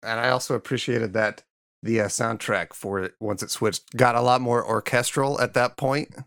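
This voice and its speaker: A man's voice: medium pitch, fairly even intonation, moderate pace, creaky, a bit bright, no echo. A man in a casual comedic film podcast, riffing animatedly and laughing through his lines into a close mic.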